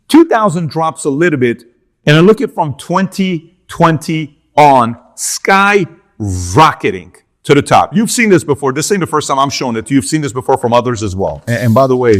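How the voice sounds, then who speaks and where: A man giving animated political commentary while walking through charts, emphatic and conversational, with repeated asides to the viewer. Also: mid-range voice.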